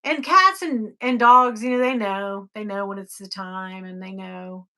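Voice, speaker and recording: Middle-aged woman chatting on her livestream, bright clear voice, goes soft and sighy then pops up high and loud. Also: unhurried. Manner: chatty, swings from sighing softness to excited high bursts. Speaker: livestream host. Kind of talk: casual live chat reading comments.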